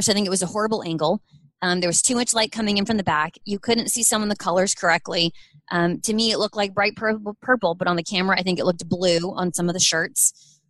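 A woman's voice: mid-range voice, a bit bright, no echo. A middle-aged woman who runs a small clothing business, answering interview questions earnestly and acting out quoted dialogue.

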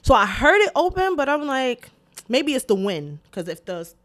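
A young adult woman telling a story in a casual podcast chat, animated, emphatic and full of profanity. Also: high-pitched, normal speed. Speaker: podcast co-host.

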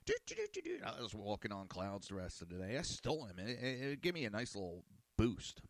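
A man's voice: lowish voice, lively intonation, brisk. A man hosting a small radio and online show, talking in a casual rambling monologue, often repeating words and cursing casually.

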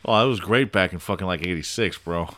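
A man's voice: sits low, fast talker, a bit bright. A man in his forties on a casual podcast, telling crude stories, swearing constantly. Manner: profane storytelling.

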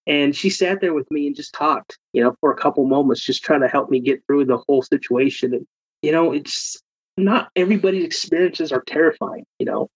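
A man, a podcast guest telling a personal story in an earnest, halting way, often repeating his words. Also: a little high, breathy edge, dry recording, muffled recording. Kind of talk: emotional storytelling.

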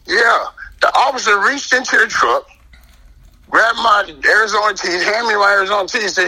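Guest, man, high bright husky voice, animated storyteller acting out his exchanges. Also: moderate pace, low-quality recording. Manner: indignant, emphatic, acts out dialogue.

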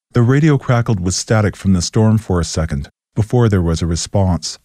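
A man reads a ghost story in a steady, measured way. His voice sits low with a mellow, dark tone. The recording is dry and close. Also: dry recording. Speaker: narrator. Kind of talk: scripted story narration.

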